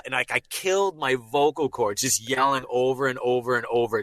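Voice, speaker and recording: A man's voice: medium pitch, fairly quick, few pauses, a bit bright, dry recording. A man, a guest on a podcast, rambling and joking at his own expense. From Boston area. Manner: rambling, self-mocking, lots of fillers and restarts. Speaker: guest impressionist. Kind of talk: casual podcast chat.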